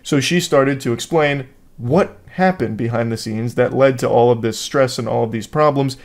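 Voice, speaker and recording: A man's voice: mid-range voice, normal speed. A man narrating a commentary video in a dry, sardonic way. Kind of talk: scripted commentary.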